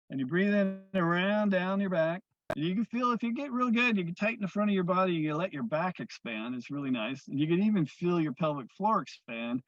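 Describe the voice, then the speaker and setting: A man teaching breathwork, guiding listeners through breaths in a slow, soothing way that often trails off softly. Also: high-pitched. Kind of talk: guided breathing instruction. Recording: dull, lo-fi dry sound.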